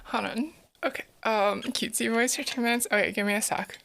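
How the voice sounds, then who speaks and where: A woman's voice: a little high, fairly even intonation, brisk, creaky, a bit bright. A woman streamer chatting casually with her viewers, giggling often and repeating words as she thinks. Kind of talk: casual live-stream chat.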